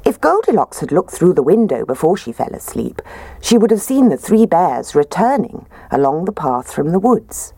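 Woman reading a bedtime story, low voice but swoops around a lot, dry close sound. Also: normal speed, breathy edge, no room sound. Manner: expressive, gentle.

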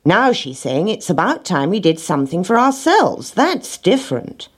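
A woman's voice: fairly low pitch, big pitch swings, normal speed, husky, voice pushed up. A woman voicing a clever, smug male rat in a storybook reading, sly and pleased with himself.

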